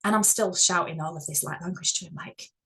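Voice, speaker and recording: A woman telling a personal spiritual story in a casual, candid way, swearing freely and growing animated. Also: on the low side, fast, poor audio. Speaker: spiritual vlogger.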